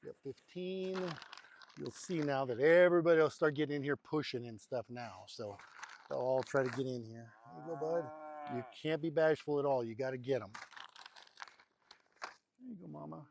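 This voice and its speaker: A man casually narrating to camera at a farm cattle pen. He rambles and coaxes the animals in a soft voice. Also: mid-range voice, normal speed, a little hiss or hum. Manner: rambling and chatty, coaxing the animals softly. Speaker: homestead vlogger. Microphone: handheld or nearby camera mic.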